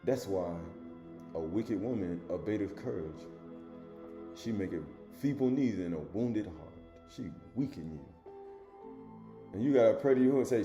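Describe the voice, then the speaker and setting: A man preaching a sermon, reading scripture loudly and dropping to low asides, with casual rhetorical questions to his listeners. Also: expressive, normal speed, pauses often, reverberant, over music. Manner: swings between loud emphatic reading and low murmured asides.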